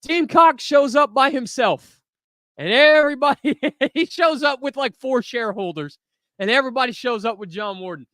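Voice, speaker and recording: A man hosting a toy channel livestream, reading viewer comments aloud and giving candid, relaxed opinions with lots of fillers. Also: very high voice, normal speed, no echo, studio quality. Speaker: toy review channel host.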